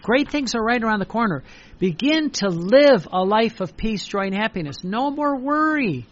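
A man's voice: sits high, lively intonation, normal speed, lo-fi sound. A man preaching a devotional sermon with fervor and repetition, reading passages aloud. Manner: fervent, repetitive, reads quoted passages aloud.

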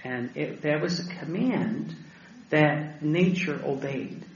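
A deacon with a fairly high, gravelly voice gives a sermon-style teaching talk, telling stories while often stumbling through restarts and fillers. The sound is roomy and echoey, somewhat dull and lo-fi, with faint ambience in the background.

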